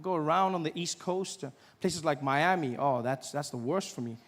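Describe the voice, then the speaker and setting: A man from South Africa performing stand-up comedy, animated and mocking. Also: on the high side, normal speed. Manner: animated, mocking, acts out voices. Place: large theatre stage. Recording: live stage in a big hall, laughing audience.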